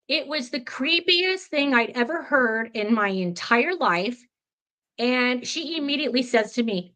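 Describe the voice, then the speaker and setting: A woman guest telling a ghost story in an interview, animated and chatty, with many fillers. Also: fairly high pitch, moderate pace.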